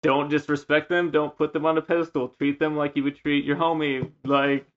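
A man with a slightly raised voice, telling stories in casual podcast chat. He brings his friends to life with quick voices and shouts. The audio is a bit dull and lo-fi. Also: on the high side. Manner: animated storyteller, acts out friends' lines. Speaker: podcast co-host.

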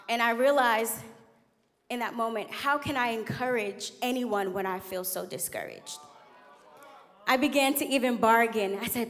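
A young adult woman giving a candid, animated sermon as a guest preacher in a church. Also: a little high, normal speed. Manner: animated, laughing, candid storytelling. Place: church sanctuary. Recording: long hall reverb.

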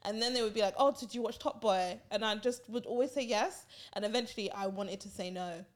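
A woman's voice: medium pitch, a little fast. A woman from England with a London accent, a podcast co-host talking in a blunt, chatty way. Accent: London English. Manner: blunt, chatty, swears casually. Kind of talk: casual chat.

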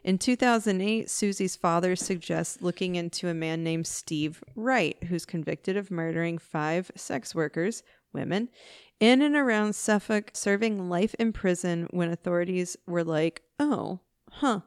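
A woman's voice: on the low side, unhurried, clean tone, no echo, clean studio sound. A woman hosting a podcast, telling a true-crime case in a casual, chatty way with wry asides and swearing. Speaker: podcast host.

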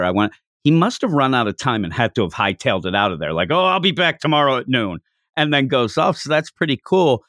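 A man's voice: mid-range voice, fairly bright tone, no room sound, studio quality. A man co-hosting a casual manga podcast, retelling scenes and acting out character lines in funny voices. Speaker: podcast co-host.

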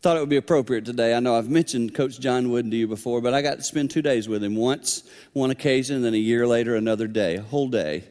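A man in his fifties delivers a sermon in a big hall, his voice trailing off in a long reverb. He is animated, jumping from loud, high exclamations down to near whispers. His pitch sits in an ordinary middle range. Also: fast talker, few pauses. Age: 50s. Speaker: preacher. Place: large hall with young audience.

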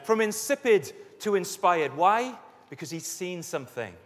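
A man preaching a sermon as a pastor, telling Bible stories in a lively way and acting out the scenes. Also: high-pitched, moderate pace. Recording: echoey hall reverb.

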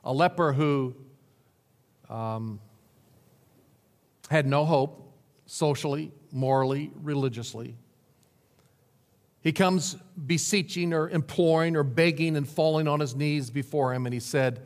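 A man's voice: on the high side, measured pace, pauses often. A man preaching a sermon with dramatic emphasis, lists and repetition. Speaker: pastor. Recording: long hall reverb.

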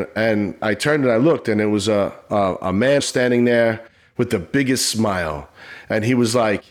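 A middle-aged man, a retired police officer, telling a personal story in an interview in an earnest, emotional, halting way. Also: on the low side.

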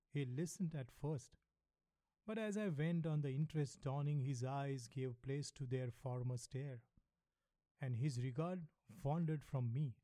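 Mellow, measured male narrator. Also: medium pitch, no room sound. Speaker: audiobook narrator. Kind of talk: first-person novel narration.

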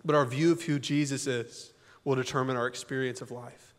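In a church auditorium with long hall reverb, a pastor with a mid-range voice and fairly even intonation preaches briskly. His sermon is folksy and conversational, full of rhetorical questions.

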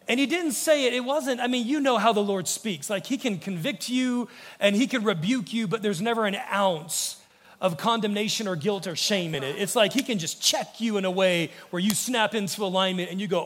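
A man with an American accent, a pastor preaching a sermon to his congregation, earnest, and his voice drops low and soft when he quotes. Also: moderate pace, long reverb tail. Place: church sanctuary.

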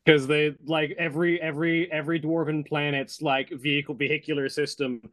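A man's voice: fairly high pitch, flat delivery, brisk, a bit bright. A man narrating and chatting as game master in a tabletop game, loose and easygoing.

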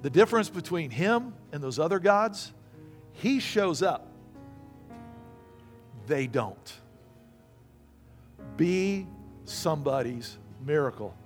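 A man's voice: fairly high pitch, expressive, slow, long pauses. Preaching man with faint music. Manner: storytelling preacher acting out quoted voices. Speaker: pastor. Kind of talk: sermon.

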